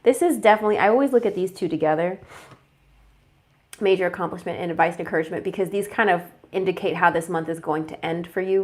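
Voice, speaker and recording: A young adult woman reading tarot in a casual, chatty forecast, talking through a stuffy, congested nose with fillers and quick self-corrections. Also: fairly low pitch, darkish tone. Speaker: tarot reader.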